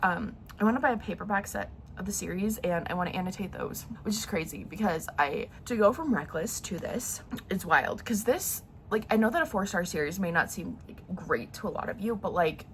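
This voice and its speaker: A woman's voice: mid-range voice, fairly bright tone. Young female book vlogger, stuffy and nasal from a sore throat, rambling and emotional, faint hiss under the mic. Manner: chatty and emotional, full of fillers and restarts. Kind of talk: casual chat.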